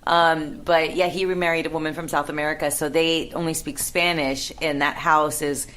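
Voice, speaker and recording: A woman's voice: low-pitched, moderate pace. A woman comedian from Miami, a guest in a radio studio, telling stories animatedly and laughing often. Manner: laughs a lot, animated storytelling. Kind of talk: casual interview chat.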